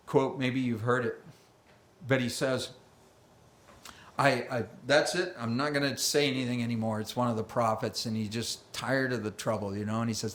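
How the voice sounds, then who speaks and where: A man preaching a conversational sermon, chatty and self-deprecating, acting out quoted voices along the way. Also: medium pitch. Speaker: pastor. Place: church sanctuary. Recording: roomy church sanctuary echo.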